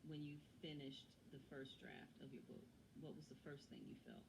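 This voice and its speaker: A woman's voice: extremely low pitch, huge pitch swings, normal speed, gravelly, a little mellow, slight background noise, poor audio. A woman hosting an interview show, encouraging her guest with frequent affirmations and follow-up questions. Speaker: talk show host.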